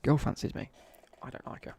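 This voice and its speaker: A man's voice: fairly quick, dark tone. A young man with an English Midlands accent, rambling through slangy school stories and chatting to viewers while he streams a game. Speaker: live streamer. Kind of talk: casual chat while gaming.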